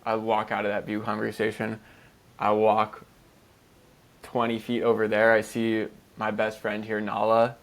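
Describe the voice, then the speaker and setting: A man co-hosting a podcast in an easygoing, rambling chat. His voice sits low with a gravelly fry. He swears casually and leans heavily on "like" between his thoughts. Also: monotone, a little slow. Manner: loose, profane, heavy "like" fillers. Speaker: podcast co-host.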